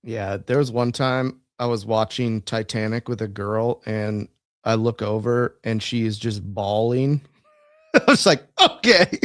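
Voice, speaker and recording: A man's voice: fairly low pitch, steady tone, measured pace, no echo, studio quality. A man co-hosting a casual podcast, telling laid-back stories with plenty of filler words. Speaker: podcast co-host.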